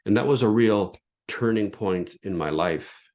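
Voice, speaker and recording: Middle-aged man, deep voice, earnest podcast host, reflective storyteller who restarts his sentences. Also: a little slow, a little mellow. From Canada. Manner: earnest, reflective, with frequent restarts and filler phrases. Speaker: podcast host and former pastor. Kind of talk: personal storytelling monologue.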